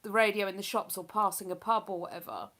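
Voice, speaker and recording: A woman's voice: medium pitch, fairly even intonation, fast talker, fairly bright tone. A woman chatting casually on a live stream, rambling and laughing as she reads out messages from her viewers. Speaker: live streamer reading chat.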